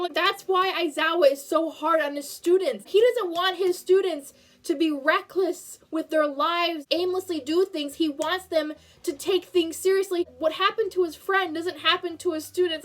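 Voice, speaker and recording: A young woman reviewing an anime in a casual vlog, talking in a gushing, emotional way that swings from hushed to excited. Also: extremely high pitch, moderate pace, faint music behind.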